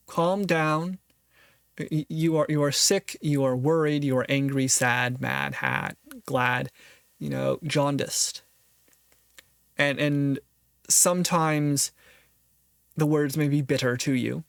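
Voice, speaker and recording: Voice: medium pitch, slow, vocal fry, pauses often, clean tone, dry recording, studio quality. A podcast host giving earnest, reflective solo commentary on a philosophy text, thinking aloud and restarting phrases often.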